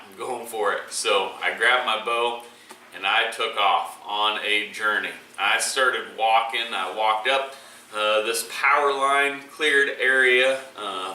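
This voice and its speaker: A man tells a hunting story in a relaxed, rambling way, stopping often on fillers and restarting his sentences. His voice is very bright. He sounds set back from the mic, in an echoey space with faint ambient noise behind him. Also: mid-range voice, recorded from a distance. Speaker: hunting channel host. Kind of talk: casual storytelling recap.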